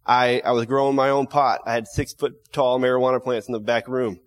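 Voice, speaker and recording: A man giving an emotional personal testimony in an earnest, halting way, often restarting his sentences. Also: medium pitch, little pitch movement. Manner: earnest, halting storytelling with many restarts and fillers.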